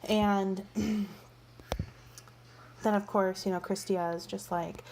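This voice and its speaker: Speaking at normal speed in a level, darkish, somewhat low voice, a woman gives a casual chatty book review. She rambles through a book series with exasperated, gossipy storytelling and fillers such as "like" and "you know," and there's a little hiss or hum.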